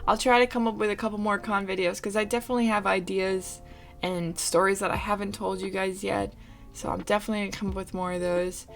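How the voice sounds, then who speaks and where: A young adult woman vlogger telling a casual story in an animated way, with frequent swearing. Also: medium pitch, fast, creaky, soft background music. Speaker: vlogger and streamer.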